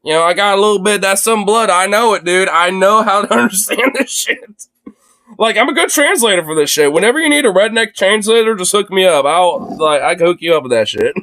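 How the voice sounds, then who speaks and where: High-voiced excitable man cursing and laughing. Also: brisk. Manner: excitable, profane, laughs often. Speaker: livestreamer. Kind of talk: live reaction stream. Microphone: phone.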